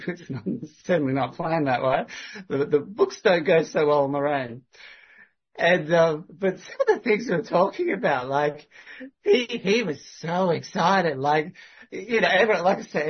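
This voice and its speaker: A man, telling a story of a street conversation in a casual, animated way and often laughing. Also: on the high side, breathy edge. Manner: animated, laughing, quoting others in lively voices. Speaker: street evangelist. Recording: dull lo-fi sound.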